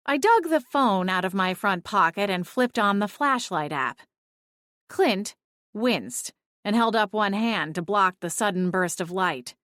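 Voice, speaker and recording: A woman narrating a story in the first person, expressive and lively, reading from a script. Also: fairly low pitch, a little slow, no echo, studio quality. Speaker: audiobook narrator.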